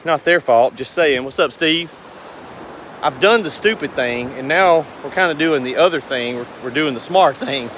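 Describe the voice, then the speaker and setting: Talking casually to camera, a business owner who vlogs speaks to his viewers in a rambling, earnest, folksy way. His voice is medium-pitched and a bit bright at a normal speed, with slight background noise.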